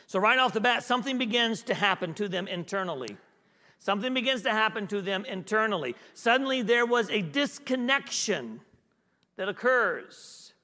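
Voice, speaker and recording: Guest preacher, male, high and bright, conversational and repetitive, long church reverb. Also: big pitch swings, normal speed. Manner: repeats key phrases for emphasis; conversational, asks the congregation questions. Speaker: guest pastor. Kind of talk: sermon.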